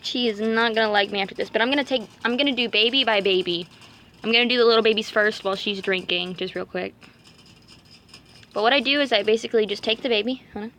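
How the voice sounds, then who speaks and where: A woman's voice: on the high side, fast talker, fairly bright tone, a little hiss or hum. A woman chatting casually in a home vlog, rambling and cooing to her pet rabbits while filming with a handheld camera. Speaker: vlogger.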